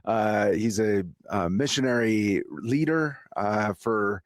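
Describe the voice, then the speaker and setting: A talk-show host with a lowish male voice, recorded dry and close. He recaps the story with frequent uhs and small laughs, speaking at an unhurried pace. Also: dry recording. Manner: warm, hesitant delivery with many uhs and light laughs. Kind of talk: radio interview hosting.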